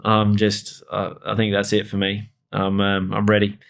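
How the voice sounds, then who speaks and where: A man's voice: on the low side, completely flat delivery, moderate pace, creaky, a bit bright. A man co-hosting a podcast, giving casual motivational advice to real estate agents. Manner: motivational, peppered with "you know" and laughs.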